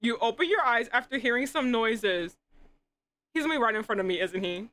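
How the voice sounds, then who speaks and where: A woman's voice: fairly high pitch, fairly quick. A young adult woman who streams as a VTuber, reading a dating game aloud and commenting on it with frequent swearing and laughter. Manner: animated, swears and laughs often. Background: loud background music.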